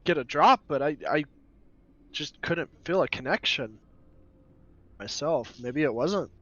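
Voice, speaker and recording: A man's voice: fairly high pitch, animated, unhurried, a bit bright, dull audio. Hesitant man at the game table. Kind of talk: casual tabletop game chat.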